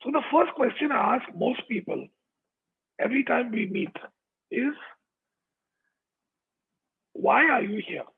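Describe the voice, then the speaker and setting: A man's voice: very high-pitched, very animated, a little slow, gravelly, pauses often, slightly rough. A man giving a chatty motivational talk over a video call, checking in with his audience as he goes. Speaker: motivational speaker. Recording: tinny online call audio.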